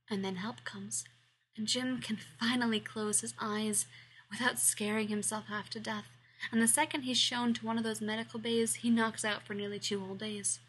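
A woman reading fan fiction aloud, expressive and sometimes dropping to a whisper. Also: a little high, moderate pace, a little hiss or hum, poor audio. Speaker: fiction reader.

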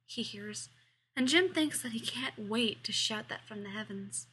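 A woman reading fan fiction aloud, expressive and sometimes dropping to a whisper. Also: fairly high pitch, a little slow, breathy edge, rough recording. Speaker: fiction reader.

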